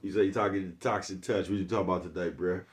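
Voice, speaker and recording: Brief: deep-voiced male streamer, slangy and casual, constantly checks in with his viewers. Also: fairly even intonation, fast talker. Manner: streetwise slang, keeps asking "you know what I'm talking about". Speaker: livestream vlogger. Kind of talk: casual livestream rant.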